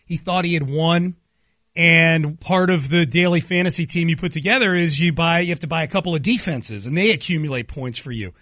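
A man hosting a sports radio show, upbeat and storytelling, slowing down on key words. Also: fairly high pitch, a bit bright, no echo, studio quality. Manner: upbeat, storytelling, slows for emphasis. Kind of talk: casual sports radio talk. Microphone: studio microphone.

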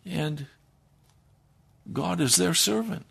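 A man preaching a sermon, swinging between loud declarations and hushed, low passages. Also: slow pace, creaky, husky.

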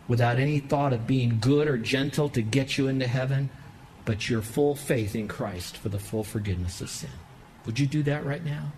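A male pastor preaching a sermon in church, emphatic, with sudden swells of pitch and volume. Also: a little mellow, a little hiss or hum, poor audio. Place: church sanctuary.

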